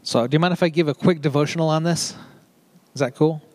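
A man's voice: on the high side, fairly even intonation, darkish tone. Chatty, joking middle-aged male preacher. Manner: chatty and joking, with quick asides. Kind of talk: casual sermon.

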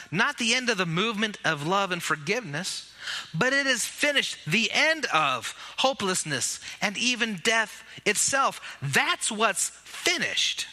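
A male pastor with a piercingly bright, somewhat high voice delivers an Easter sermon. He preaches with animated emphasis and rallies his congregation to shout back. His voice is starting to give out. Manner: animated preaching, leads the congregation in call-and-response. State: voice giving out.

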